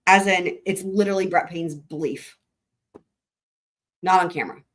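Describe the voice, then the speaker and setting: A woman's voice: lowish voice, moderate pace. Rambling, swearing woman livestreamer. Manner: rambling, profane, thinking aloud with frequent "like" and restarts. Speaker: livestream host. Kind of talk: casual live commentary over maps.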